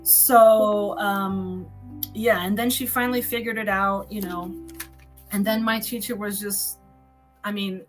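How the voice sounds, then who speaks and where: A woman's voice: medium pitch, steady tone, measured pace, faint music behind. A woman from Brazil telling a personal story in casual chat, animating it by acting out the people she quotes. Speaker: guest telling her story.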